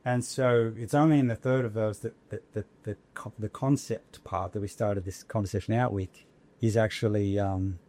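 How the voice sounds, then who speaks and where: A man's voice: fairly low pitch, steady tone, moderate pace, dark tone. A man, an academic guest, explaining ideas in conversation, thoughtful and searching for words with frequent restarts.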